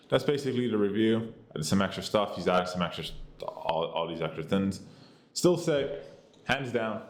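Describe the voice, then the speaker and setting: A man with an American accent giving a casual, rambling review of an app, full of fillers and repeated catchphrases. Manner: rambling, filler-heavy, says "boom" and "you get the idea". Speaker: tech reviewer.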